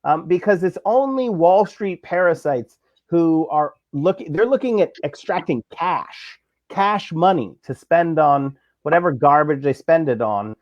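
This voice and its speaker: A man's voice: fairly high pitch, lively intonation, no room sound. Fired-up man on dull, dry audio. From Pittsburgh. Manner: passionate and sarcastic, halting with many fillers. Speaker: labor reporter, guest. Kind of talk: casual political chat.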